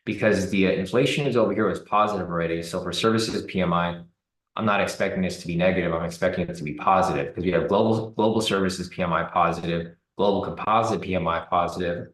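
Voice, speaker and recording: Low-voiced man commenting on live trading. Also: fast talker, roomy sound, rough recording. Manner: relaxed, thinking aloud with fillers. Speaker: trading streamer.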